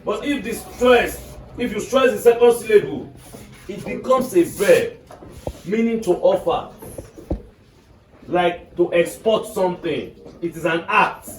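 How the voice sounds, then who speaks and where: A man with a high voice teaches English in a classroom, keeps stopping to check that his students are with him, and is recorded from across an echoey room. The sound is roomy and distant rather than close and dry. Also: measured pace, pauses often. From Nigeria. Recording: echoey room, mic far off.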